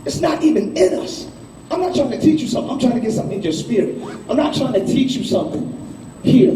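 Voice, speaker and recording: Man, high voice, choir director preaching hard at rehearsal; echoey room, distant mic. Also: animated, fast, warm tone, a little hiss or hum. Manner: fiery, scolding, mimics people in asides.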